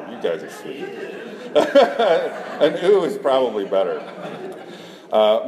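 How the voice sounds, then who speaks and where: A man's voice: on the low side, darkish tone. A middle-aged man from Iowa, a cartoonist giving a self-deprecating conference talk, joking with the audience. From Iowa, USA. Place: conference hall. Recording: echoey hall, faint room noise.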